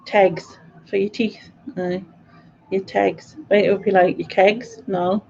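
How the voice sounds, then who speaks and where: A British woman hosts a live quiz stream, chatting loosely and answering her viewers with frequent laughs. She talks at an unhurried, drawn-out pace. Her voice comes through dull, lo-fi stream audio with a faint hiss behind it. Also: medium pitch, little pitch movement, gravelly, dark tone. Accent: British English. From Britain. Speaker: quiz host. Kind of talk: casual live-stream chat.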